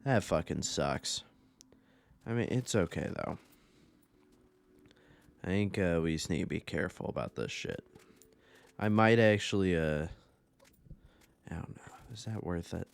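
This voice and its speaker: A man's voice: low voice, animated, measured pace, gravelly, pauses often. A young man rambling through casual gameplay commentary, laid-back and profane, often laughing at his own stories. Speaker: gaming YouTuber.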